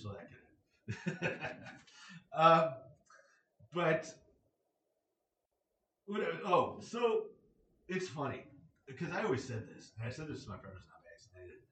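A man's voice: mid-range voice, fairly bright tone, a little hiss or hum. Middle-aged man, solo host, rambling jokey monologue, roomy echo, sits back from the mic. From United States. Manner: rambling, joking, opinionated. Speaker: podcast host. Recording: echoey room, mic at a distance.

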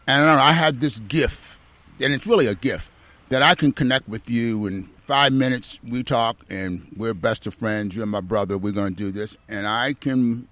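A man's voice: medium pitch, normal speed, a bit bright, dry recording. A man in his seventies, an addiction counselor, telling his story in a candid, plainspoken way as an interview guest. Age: 70s.

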